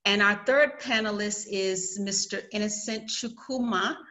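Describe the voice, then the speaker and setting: A woman's voice: medium pitch, a little slow, bright, forceful tone, poor audio. A woman with a Southern US accent moderating an online conference session over a video call, giving friendly, orderly reminders. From United States.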